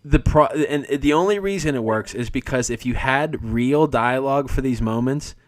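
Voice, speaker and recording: A young man co-hosting a podcast, chatting casually and excitedly about a movie, swearing, laughing and acting out lines. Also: medium pitch, moderate pace. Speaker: podcast co-host.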